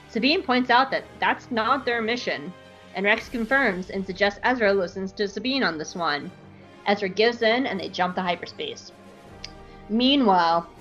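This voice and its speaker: A young woman hosting a podcast, recapping a TV episode in a casual, animated way full of likes. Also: medium pitch, highs cut off. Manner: animated, bubbly, lots of likes. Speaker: podcast host.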